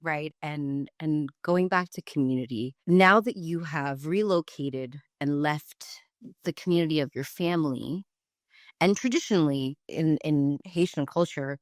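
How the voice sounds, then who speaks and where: A woman's voice: deep voice, unhurried, no echo, clean studio sound. A woman podcast host asking long, winding questions in a playful, teasing way. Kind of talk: casual interview questions.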